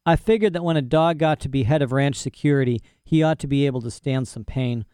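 A man's voice: mid-range voice, brisk, warm tone, clear, resonant tone, dry recording, studio quality. A man narrating a story in first person with a folksy, boastful manner and rural dialect grammar. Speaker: audiobook narrator.

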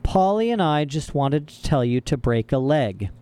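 A man's voice: a little high, sing-song, moderate pace, dark tone, smooth. A man voicing a cheerful, oblivious middle-aged banker in an audiobook, talking in a hearty, formal way.

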